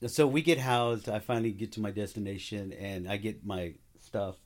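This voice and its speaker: A man's voice: fairly low pitch, fairly even intonation, moderate pace. A man as a podcast guest, telling a personal story in casual conversation, acting out what people said and laughing along the way.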